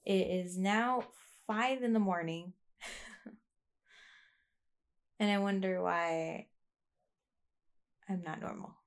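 A woman's voice: medium pitch, steady tone, extremely slow, pauses often. A woman talking in a rambling, candid way, as a vlogger sharing a personal rant. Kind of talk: casual confessional monologue.

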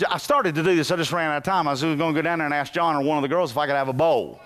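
A man preaching a sermon as pastor, moving from quiet asides to loud bursts and telling folksy, humorous stories. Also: on the high side, fast talker, few pauses.

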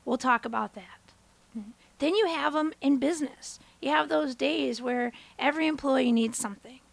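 A woman hosting a motivational talk, telling a story in a lively, conversational way and often asking listeners "right?". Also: sits high, normal speed, vocal fry, dry recording. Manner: animated, acts out her own and others' words in bigger voices. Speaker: host. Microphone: camera.

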